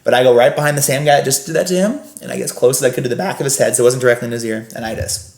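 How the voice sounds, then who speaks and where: Fast-talking man telling a story, roomy echo. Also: mid-range voice, vocal fry. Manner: rambling, with many restarts and fillers. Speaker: podcast guest, former scare actor. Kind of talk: casual storytelling in a podcast chat.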